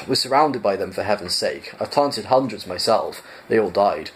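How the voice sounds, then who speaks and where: A man's voice: on the low side, expressive, moderate pace, natural voice, rough recording. A man voicing a lonely, bewildered castaway who talks hesitantly and rambles, as in a fan audiobook reading. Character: bewildered lonely Englishman, long marooned.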